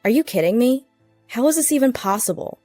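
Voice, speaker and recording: A man's voice: very high voice, animated, a little fast, darkish tone, dry recording, soft background music, voice pushed up. Runaway husband, bewildered and pleading, read by a female narrator. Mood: panicked. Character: panicked runaway husband, adult man.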